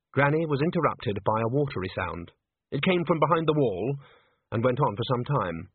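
Husky man narrating with lively pitch. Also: moderate pace, dry recording. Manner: lively, expressive storytelling. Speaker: audiobook narrator. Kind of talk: scripted narration. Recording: dry, tinny phone-like sound.

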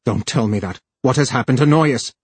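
A male narrator voicing a grim, desperate man who speaks low and gruff through clenched teeth. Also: brisk, dry recording, close to an everyday voice.

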